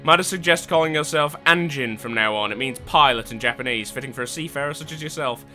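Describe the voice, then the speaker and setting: A man reading aloud the lines of a courteous, formal samurai lord in a video game, in a low, measured voice. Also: bright, forceful tone, soft background music. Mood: formal grateful.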